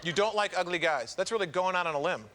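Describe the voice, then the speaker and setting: A man's voice: high voice, quick pace. A man hosting a dating game show in a TV studio, joking and teasing the contestants. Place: TV studio with audience. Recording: noisy studio with loud crowd.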